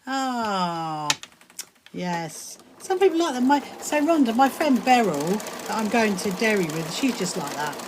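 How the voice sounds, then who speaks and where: A woman hosting a casual sewing live stream, chatting and rambling with bursts of excitement as she answers viewers. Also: medium pitch, measured pace, background noise. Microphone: phone streaming live.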